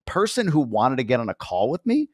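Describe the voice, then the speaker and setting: A man's voice: medium pitch, fairly quick, dry recording, studio quality. Chatty man in his forties hosting. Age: 40s. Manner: chatty, animated, acts out quoted voices. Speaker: podcast host. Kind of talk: casual interview chat.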